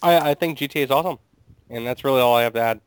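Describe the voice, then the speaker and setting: A man's voice: medium pitch, racing, clear, resonant tone. A young man co-hosting a casual gaming podcast, talking in a dry, hesitant way with many ums. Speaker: podcast co-host. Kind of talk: casual chat.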